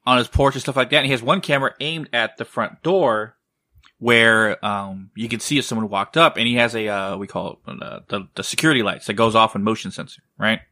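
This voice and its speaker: Bright-voiced man rambling through a spooky story. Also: medium pitch, brisk, no room sound. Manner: rambling, swears often, keeps asking "right?". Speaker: podcast co-host. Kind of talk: casual storytelling.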